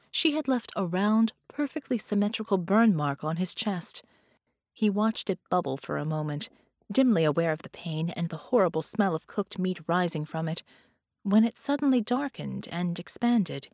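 A woman with a lowish voice reads a dramatic audiobook, her narration measured and deliberate. The recording is close and dry, with no room sound. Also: a little mellow, no room sound.

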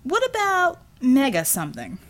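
A woman's voice: high voice, huge pitch swings, normal speed, fairly bright tone, pitched above the performer's own voice, full character voice. A woman voicing a cocky, scheming male superhero who talks with brash, teasing salesman patter. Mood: wry teasing.

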